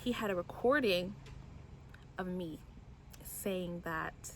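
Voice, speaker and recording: A young adult woman, a mom vlogger, telling a personal story in a candid, animated storytime vlog. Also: fairly low pitch, slow pace, a little hiss or hum.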